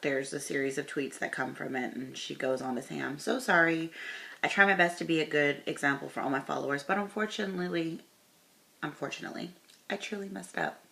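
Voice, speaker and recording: A woman's voice: sits low, gravelly, sharp tone. A woman talking straight to camera in a casual commentary vlog, stopping herself to correct course, then reading posts aloud. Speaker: commentary vlogger.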